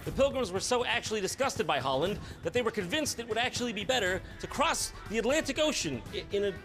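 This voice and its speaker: Man, comedic narrator, sarcastic and crude, high animated voice. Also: quick pace, loud music behind the voice. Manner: sarcastic, swearing, bursts of shouting.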